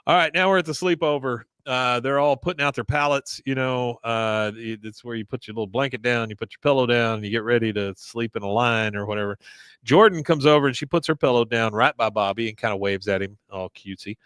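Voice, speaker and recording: A man hosts a casual podcast recap of a cartoon episode. He narrates in an ordinary middle-pitched voice and slips into exasperated outbursts, acting out the characters. The recording is dry and close. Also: fairly quick, smooth, no echo. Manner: animated, exasperated, acts out quotes. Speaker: podcast host.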